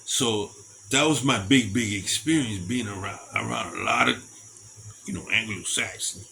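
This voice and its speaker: A man telling a rambling personal story in a casual, animated way and acting out other people's lines, outdoors at night with crickets behind him. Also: on the low side, normal speed, gravelly, slight background noise.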